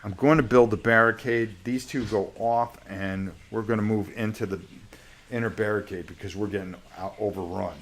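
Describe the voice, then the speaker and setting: A man's voice: lowish voice, fairly even intonation, normal speed, slight background noise. A man with a sore voice hosting a live stream, playing a solo board wargame and thinking aloud as he checks the rules. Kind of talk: casual live-stream gameplay commentary.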